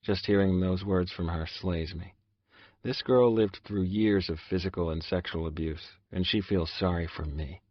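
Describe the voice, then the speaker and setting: Deep low guy reading an audiobook, quiet confessional tone, dry muffled sound. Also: moderate pace, no echo. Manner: subdued, confessional storytelling. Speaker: audiobook narrator. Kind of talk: first-person audiobook narration.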